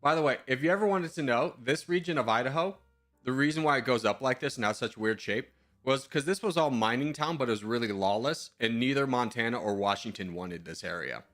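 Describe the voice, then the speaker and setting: A man's voice: medium pitch, brisk, fairly bright tone, soft background music. A male streamer in casual live-stream commentary, thinking aloud in a chatty, self-mocking way.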